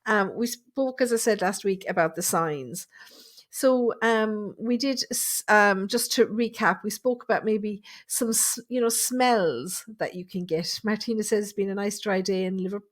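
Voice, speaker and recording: An Irish woman talks easily into her computer at home, hosting a live stream as a spirit medium. Her voice sits at a middling pitch, and her chat is friendly and loose as she greets viewers one by one and reads their messages aloud. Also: measured pace. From Ireland.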